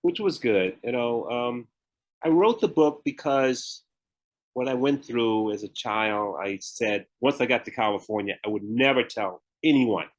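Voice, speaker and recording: A man's voice: medium pitch, measured pace, rough recording. A man with a Southern US accent talks as a podcast guest, with a mid-range voice. He tells his story candidly and laughs often. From Memphis, Tennessee, US Southern. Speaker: guest, retired pro bodybuilder and author. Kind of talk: podcast interview.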